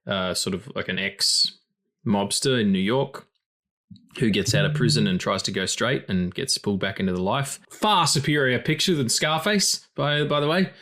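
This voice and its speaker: A man's voice: on the low side, fairly bright tone. Chatty man hosting a podcast. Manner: loose, chatty, swears freely, many fillers. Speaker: podcast co-host. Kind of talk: casual film podcast chat.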